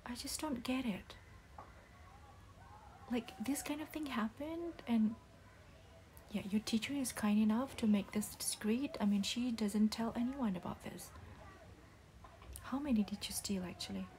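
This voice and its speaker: Woman playing a soft-spoken scolding mother, whispered role-play. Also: on the high side, slight background noise, close to an everyday voice. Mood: hurt, disappointed. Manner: soft-spoken, halting with restarts. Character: scolding single mother, disappointed and stern.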